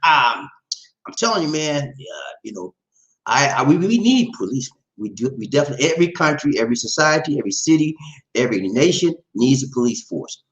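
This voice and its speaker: A man's voice: mid-range voice, sing-song, fairly quick, fairly bright tone, muffled recording. A man hosting a live stream, reading viewer comments and commenting on the news in a rambling, emphatic way, repeating his phrases and calling listeners "man". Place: lives in the Philippines. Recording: echoey room.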